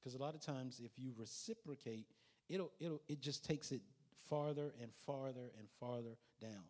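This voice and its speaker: A man's voice: medium pitch, moderate pace, mellow. A male pastor preaching a sermon in a folksy, conversational way, with asides to the congregation.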